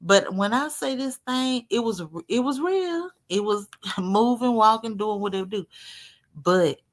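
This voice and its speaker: A woman in casual live-stream chat, rambling through a story with big swings in pitch and loudness. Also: expressive, unhurried.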